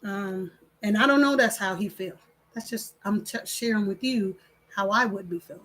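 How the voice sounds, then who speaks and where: A woman's voice: mid-range voice, normal speed, a bit bright. A woman hosting a casual livestream, speaking emphatically to viewers and repeating phrases for stress. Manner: addresses viewers directly, preachy. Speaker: livestream host. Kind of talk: casual livestream chat, reading viewer comments.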